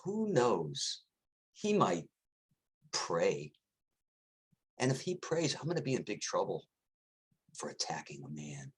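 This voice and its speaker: A man doing a hungry lion in a told fable who frets and protests. The voice is low, husky and slightly breathy. It rises sharply when indignant and swings widely in pitch. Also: wildly swooping pitch, slow, pauses often, exaggerated voice. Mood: nervous. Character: hungry wary male lion.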